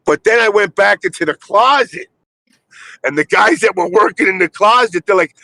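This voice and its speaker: Gravelly, bright-voiced man telling crude stories. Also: sits high, moderate pace, no echo, rough recording. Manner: crude, animated storytelling with put-on voices. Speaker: streamer telling a story. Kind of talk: casual chat.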